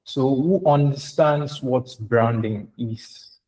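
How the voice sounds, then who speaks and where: A man teaching an online class on branding, halting and repeating himself. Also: mid-range voice, a little mellow, poor audio. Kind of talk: online lecture.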